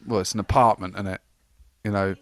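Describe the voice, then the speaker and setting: A man's voice: on the low side, steady tone, a little fast, fairly bright tone, no echo. A British man, co-hosting a casual podcast, teasing his friend with dry, sweary humour. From Britain. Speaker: podcast co-host. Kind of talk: casual banter.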